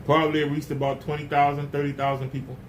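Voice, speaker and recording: A man's voice: fairly high pitch, completely flat delivery, fast talker, slight background noise. A man preaching a casual sermon in a blunt, emphatic, folksy way.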